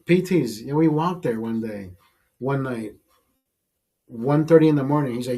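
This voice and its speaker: Speaking at a normal pace in a mid-range, slightly mellow voice, a man hosts a live stream from a studio. His casual chat turns into a meandering, profane story, punctuated by frequent laughter and repetition.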